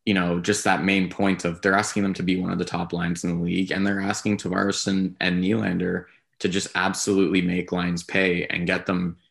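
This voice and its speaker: A man with a very deep, gravelly voice talks casually on a podcast. He hedges and rambles through his points in a flat, even tone. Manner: rambling, measured, hedging. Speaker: podcast co-host. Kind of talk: casual sports talk.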